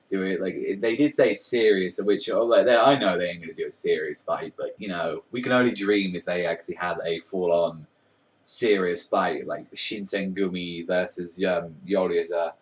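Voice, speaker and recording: A man's voice: deep voice, recorded from a distance. A young man casually reviewing a manga chapter, rambling and amused, with lots of fillers.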